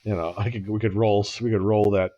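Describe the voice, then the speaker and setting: A man's voice: on the low side, level tone, brisk, warm tone. A man in his forties co-hosting a podcast, telling a long story in a casual, rambling way, often cutting himself off and laughing. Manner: rambling, self-interrupting, laughs at own story. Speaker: podcast co-host.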